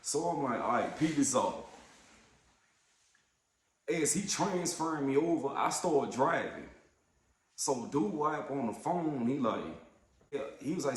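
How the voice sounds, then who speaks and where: A man who drives trucks tells a story in a casual rant, heated and profane, getting louder and sharper when riled. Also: medium pitch, animated, measured pace, long pauses, echoey room.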